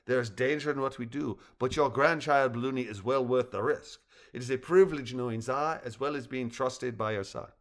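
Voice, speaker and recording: A man's voice: mid-range voice, fairly quick, natural voice. A man voicing a stiff, polite young male assistant in a storybook reading. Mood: formal. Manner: stiff and formal.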